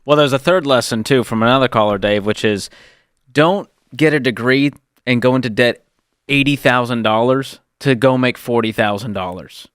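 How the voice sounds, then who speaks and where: A man's voice: mid-range voice, normal speed, fairly bright tone, clear, resonant tone, dry recording, clean studio sound. A man co-hosting a call-in radio advice show, speaking in an easygoing, wry way.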